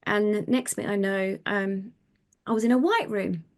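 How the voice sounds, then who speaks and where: A middle-aged woman, a psychic medium telling her life story in an interview, animated and chatty with many fillers. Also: mid-range voice, normal speed. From United Kingdom.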